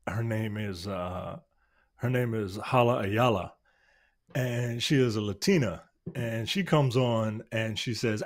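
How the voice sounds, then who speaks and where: A man's voice: lowish voice, a little slow. A man co-hosting a podcast in casual chat, wry and conversational, laughing now and then. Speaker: podcast co-host.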